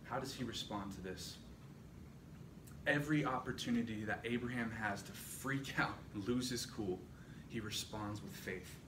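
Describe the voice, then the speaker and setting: A man's voice: on the low side, measured pace. A man preaching a sermon in a church hall, retelling a story with dramatic rising and falling intensity. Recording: echoey room, distant mic, noisy.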